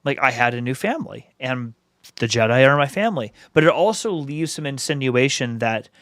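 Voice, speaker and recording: A man's voice: medium pitch, expressive, brisk, fairly bright tone, no room sound. Thoughtful male podcast host, dry sound. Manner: thoughtful, reflective. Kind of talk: casual review chat.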